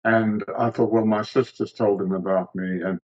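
Husky man telling his story earnestly. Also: fairly low pitch, steady tone, moderate pace, lo-fi sound. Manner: earnest storytelling, gently wry. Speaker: guest. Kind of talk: personal testimony in casual chat.

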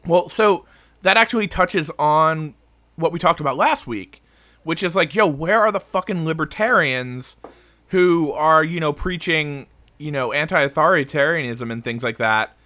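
A man's voice: on the high side, a little slow, bright, forceful tone, dry recording. A man co-hosting a podcast in casual chat, rambling with restarts, swearing freely and laughing. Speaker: podcast co-host.

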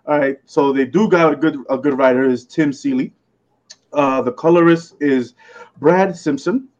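A man on a casual comics podcast, his voice pitched a little high and sounding dull and lo-fi. He reads out comic book credits between frequent laughs and stumbles over the odd name. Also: moderate pace, darkish tone. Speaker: podcast co-host presenting comics.

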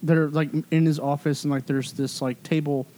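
A man's voice: on the high side, flat delivery, normal speed, dark tone, a little hiss or hum. A man in his thirties chatting casually and telling a rambling story full of fillers and swearing. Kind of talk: casual chat.

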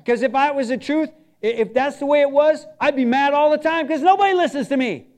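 A middle-aged pastor preaches earnestly in an extremely high-pitched, brisk voice. He repeats short phrases and falls from loud emphasis into a hush.

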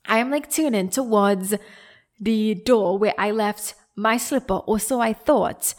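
A woman's voice: mid-range voice, measured pace. A young adult woman hosting a podcast, telling a story in a rambling casual way, full of fillers, laughing often. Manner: rambling, filler-heavy, animated retelling with frequent laughter. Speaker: podcast host.

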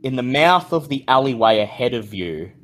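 A man narrating a tabletop horror game as game master, in slow, measured description. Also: mid-range voice, very animated, fairly bright tone.

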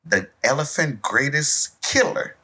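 Man from West Africa, podcast co-host, bright husky storyteller. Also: medium pitch, unhurried. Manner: animated storyteller, acts out voices and sounds. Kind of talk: casual chat with storytelling.

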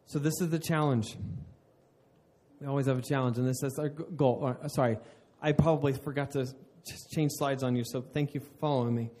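A man's voice: medium pitch, fairly even intonation, fairly quick, a little mellow. A man preaching a sermon in an earnest way, often restarting mid-phrase and laughing at himself. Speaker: pastor.

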